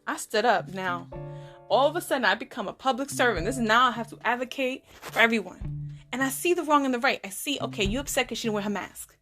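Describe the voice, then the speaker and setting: A woman hosting a podcast, telling a story in a sassy, animated way with playful slang. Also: on the high side, fast talker, soft background music. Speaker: podcast host. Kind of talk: casual storytelling monologue.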